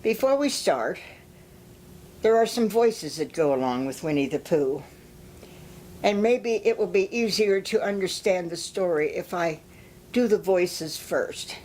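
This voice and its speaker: Low-voiced woman reading a storybook. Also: animated, measured pace, slight background noise. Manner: gentle, explanatory, with small restarts. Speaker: storybook reader. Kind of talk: reading a children's story aloud.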